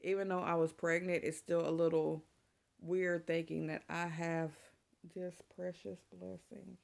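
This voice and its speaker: A woman's voice: on the low side, level tone, unhurried, vocal fry, darkish tone. A middle-aged woman, chatting casually and emotionally to her vlog audience. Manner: chatty and emotional, saying y'all. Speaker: vlogger. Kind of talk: casual chat to camera.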